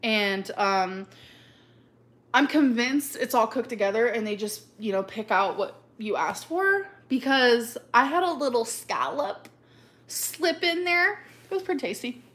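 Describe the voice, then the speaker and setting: A woman's voice: fairly high pitch, animated, unhurried, fairly bright tone. A woman hosting a casual live chat with viewers, rambling and chatty with many fillers and little laughs. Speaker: live stream host.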